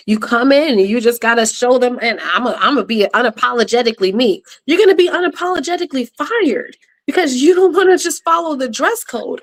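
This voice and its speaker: A woman speaking bluntly and candidly as a guest in a casual online panel discussion, with quick asides and restarts. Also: a little high.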